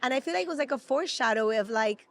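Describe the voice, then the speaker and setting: Co-hosting a casual podcast conversation from a theme park, this woman in her thirties speaks fast in a high voice with lively intonation. She is from Peru, Spanish is her native language, and she sounds emotional and chatty, using lots of fillers.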